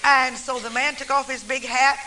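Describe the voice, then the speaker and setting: A woman preaching from the pulpit in the form of a story. Her tone is earnest and homespun, and her voice is very bright with a sharp, forward edge. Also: sits high, fairly even intonation, normal speed, a little hiss or hum, rough recording. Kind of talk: storytelling sermon.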